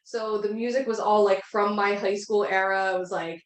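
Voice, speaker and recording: A woman's voice: medium pitch, fairly even intonation, moderate pace. A woman in her thirties telling a long story in a casual, rambling way, full of filler words. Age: 30s. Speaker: podcast co-host. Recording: echoey room.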